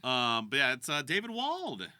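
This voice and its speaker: A man's voice: mid-range voice, huge pitch swings, normal speed, pushed and bright, no room sound. A man co-hosting a podcast and chatting casually, telling stories with quoted voices. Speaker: podcast co-host, voice actor and director. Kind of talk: casual chat.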